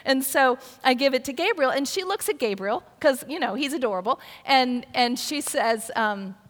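Older woman, high voice, sermon storytelling, long hall reverb. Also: animated, moderate pace. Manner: storytelling, repeats words when restarting. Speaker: pastor.

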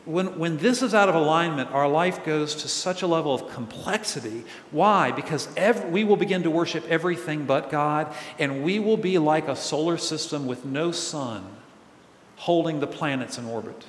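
A male pastor preaches in a large church hall, conversational and earnest, putting questions to his congregation. His voice is fairly high at a normal speed, with slight background noise and long, echoey reverb.

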